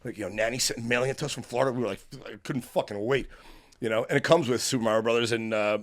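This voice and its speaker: A man's voice: mid-range voice, steady tone, racing. A man in his forties hosting a podcast, chatting casually, swearing often and laughing a lot. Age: 40s. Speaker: podcast host. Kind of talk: casual chat.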